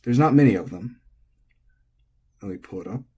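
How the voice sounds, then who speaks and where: Low husky man teaching. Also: moderate pace. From United States. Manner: relaxed, thinking aloud, self-correcting. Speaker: language teacher. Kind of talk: casual explanatory lesson.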